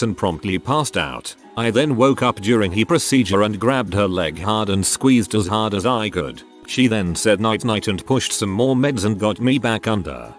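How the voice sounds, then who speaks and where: A man narrating a run of internet stories in a steady, even reading voice. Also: lowish voice. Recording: faint music behind.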